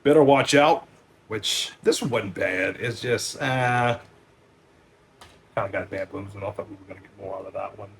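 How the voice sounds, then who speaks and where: Man, lowish voice, casual, profane, filler-heavy, louder on titles, faint background noise. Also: normal speed, vocal fry. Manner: loose and profane, with frequent fillers and loud jumps on titles. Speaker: video store owner presenting movies. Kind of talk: casual rundown of a movie stack.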